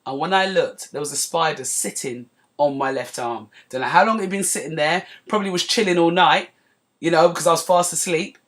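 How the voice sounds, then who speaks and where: A woman hosting a podcast, telling a personal story in a chatty, digressive way that turns animated as she relives it. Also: low-pitched, fairly quick. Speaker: podcast host. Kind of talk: casual storytelling monologue.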